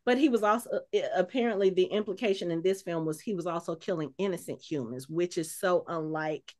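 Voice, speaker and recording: A woman's voice: fairly low pitch, fairly quick, darkish tone. Rambling woman podcast host. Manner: thinks aloud, with many filler words and restarts. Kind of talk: casual chat.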